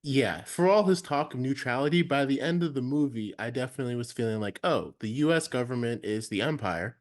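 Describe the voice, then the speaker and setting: A man co-hosting a casual film review, talking in a relaxed, rambling way with many fillers. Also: medium pitch, fairly quick. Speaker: podcast co-host.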